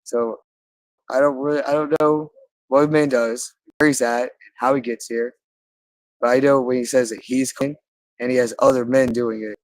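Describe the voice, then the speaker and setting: A man speaking in a rambling, halting monologue, repeating phrases again and again. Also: medium pitch, steady tone, dry recording, low-quality recording. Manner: halting, with frequent restarts.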